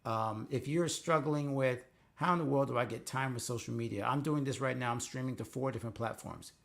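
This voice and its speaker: A man's voice: medium pitch, fairly quick, gravelly, a bit bright. A man hosting a faith-based coaching live stream, talking earnestly and conversationally, rambling with restarts. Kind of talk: casual live-stream talk.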